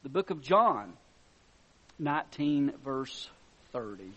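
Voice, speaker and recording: Slow, fervent male preacher. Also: mid-range voice, husky. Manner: slow, reads scripture quietly then rises to loud excited emphasis; chuckles between points. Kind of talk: sermon.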